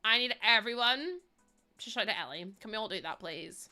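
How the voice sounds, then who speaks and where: Young girl streaming, chatty and teasing, kinda high bright voice. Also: lively intonation, moderate pace, soft background music. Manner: chatty and teasing, laughs often, reads out chat. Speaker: game streamer. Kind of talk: casual live-stream chat.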